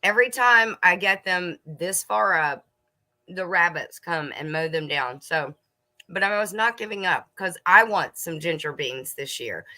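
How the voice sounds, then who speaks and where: Animated but unhurried, this middle-aged woman hosts a homestead livestream from her kitchen in a casual, chatty way. Her low-leaning voice sounds bright and forward, broken up by laughter and munching as she addresses viewers.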